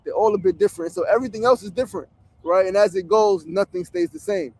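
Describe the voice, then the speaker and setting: A man's voice: sits high, fast, a little mellow, husky. A man, hosting a casual livestream from a tent on a city street, talking bluntly with plenty of profanity. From New York. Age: 40s. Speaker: show host. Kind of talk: outdoor livestream talk. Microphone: phone streaming.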